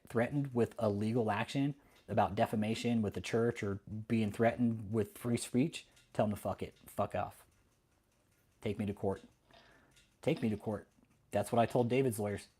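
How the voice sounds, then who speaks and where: A man's voice: medium pitch, dark tone, husky. A middle-aged man from Texas, hosting an angry, profane commentary rant full of defiance and swearing. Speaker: host.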